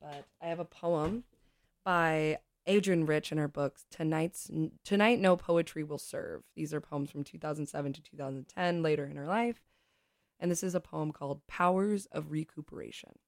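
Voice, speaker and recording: A woman's voice: deep voice, normal speed, dry recording, studio quality. A woman hosting a show, reading a story and poems aloud expressively and chatting between pieces. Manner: expressive storyteller, laughs easily. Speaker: host reading stories and poems. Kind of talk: reading aloud and casual chat.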